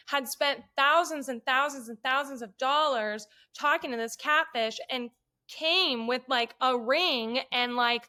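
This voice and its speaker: A woman, a podcast guest, telling casual stories bluntly and with lots of swearing, acting out the voices of the people in them. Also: high-pitched. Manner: blunt, profane, animated retelling with quoted voices. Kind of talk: casual storytelling chat.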